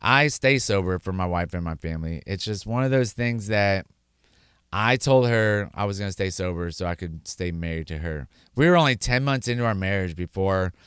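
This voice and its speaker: Earnest low-voiced man giving testimony. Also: animated, normal speed, fairly bright tone, clear, resonant tone, dry recording, studio quality. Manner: earnest, repeats words for emphasis. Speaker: speaker sharing his sobriety story. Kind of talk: personal testimony.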